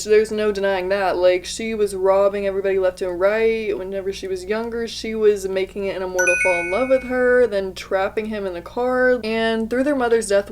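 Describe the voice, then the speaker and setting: Young woman, casual book-review chatter, lots of 'like', medium pitch. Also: darkish tone, slight background noise. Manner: chatty, exclamatory, heavy use of 'like'.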